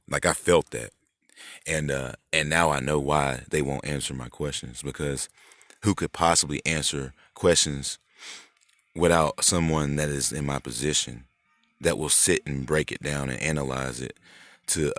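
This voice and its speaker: A man's voice: a bass voice, fairly bright tone, no echo. A man hosting his own vlog, talking in a loose, rambling monologue full of swearing, fillers and restarts. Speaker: channel host.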